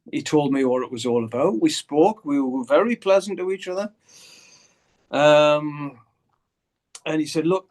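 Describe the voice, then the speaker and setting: With a fairly high pitch and a darkish tone, an older guitarist recounts a blunt, candid tale over a video call for an interview. He curses frequently and performs other people's lines himself.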